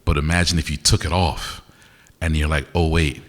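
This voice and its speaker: A man's voice: extremely low pitch, little pitch movement, fairly quick, fairly bright tone, a little hiss or hum. A man performing live in a university auditorium, joking and doing call-and-response with the audience. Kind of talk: stand-up style crowd work. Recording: reverberant hall, live event.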